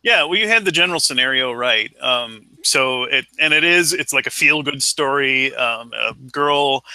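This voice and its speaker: A man co-hosting a casual podcast, talking in a measured, hedging way full of fillers. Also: mid-range voice, bright, forceful tone, clear, resonant tone, no room sound, low-quality recording. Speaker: podcast co-host. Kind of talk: casual chat.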